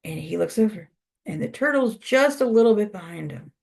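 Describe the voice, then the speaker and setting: An instructor telling a traditional folk tale aloud to a class, unhurried, repeating words for effect. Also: mid-range voice, lively intonation, gravelly, darkish tone. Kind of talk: oral storytelling in a class.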